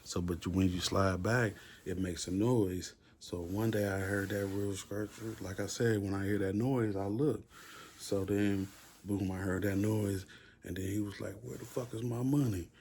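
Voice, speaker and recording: A man's voice: low-pitched, little pitch movement, measured pace, a little hiss or hum. A man casually telling a rambling story full of slang and fillers. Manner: laid-back, rambling, heavy with fillers and slang; acts out the other inmates' shouting.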